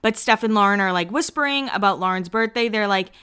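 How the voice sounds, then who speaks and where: A woman hosting a podcast, chatting casually and with amusement as she recaps a reality show, quick with her asides. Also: mid-range voice, sharp tone, clean tone.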